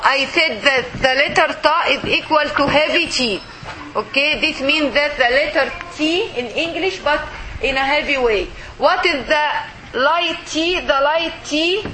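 Slow, high-voiced woman teaching a class. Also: pushed and bright, a little hiss or hum, poor audio. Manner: slow, patient, repeats sounds for the class to copy. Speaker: Arabic teacher. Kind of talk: classroom lesson.

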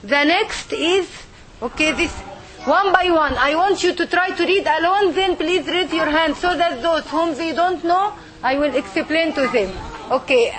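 High-voiced woman teaching letters. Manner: patient, repeats words slowly for learners. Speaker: Arabic teacher. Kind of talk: classroom teaching. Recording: noisy classroom with crowd. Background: class of women students.

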